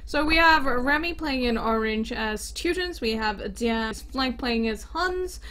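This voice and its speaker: A woman's voice: a little high, animated, measured pace, fairly bright tone. Chatty woman casting a strategy game. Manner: chatty, laid-back, teasing. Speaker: esports caster. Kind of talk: casual live commentary.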